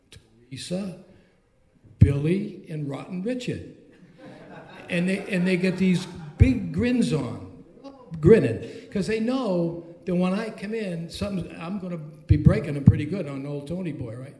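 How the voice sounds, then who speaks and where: A man telling a story to friends, acting out the lines he quotes. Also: sits high. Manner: animated, acts out quoted lines. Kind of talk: casual storytelling. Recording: echoey room.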